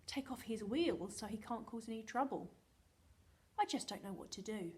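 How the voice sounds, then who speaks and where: An English woman teaching a remote phonics lesson to young children, playful and animated, slipping into whispers and sounding out words slowly. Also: mid-range voice. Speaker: primary school teacher.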